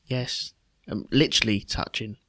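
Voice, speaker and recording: A man's voice: on the low side, normal speed, a bit bright, no echo, studio quality. A man co-hosting a podcast, chatting in a wry, joking way. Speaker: podcast co-host. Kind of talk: casual chat.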